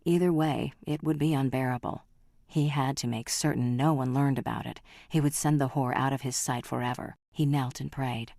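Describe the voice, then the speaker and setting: A woman narrating an audiobook in a dramatic, measured reading. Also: rumbling low, steady tone, creaky, warm tone, no room sound, studio quality.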